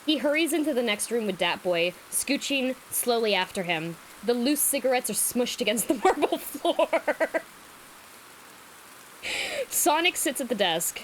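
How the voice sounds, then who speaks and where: A woman's voice: fairly high pitch, lively intonation, measured pace, a little hiss or hum, low-quality recording. A woman streamer reading fanfiction aloud with amused, giggly asides.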